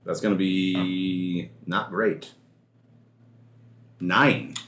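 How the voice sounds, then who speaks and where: A man playing a tabletop game, agreeable and quick to say yes. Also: low voice, little pitch movement, a bit bright, roomy sound. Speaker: player.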